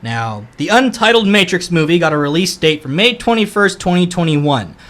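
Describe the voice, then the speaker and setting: A man's voice: high voice, very animated, normal speed, fairly bright tone. A man co-hosting a casual radio show, reading movie news in a chatty way with fillers. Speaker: co-host. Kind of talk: casual pop-culture news chat. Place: radio studio.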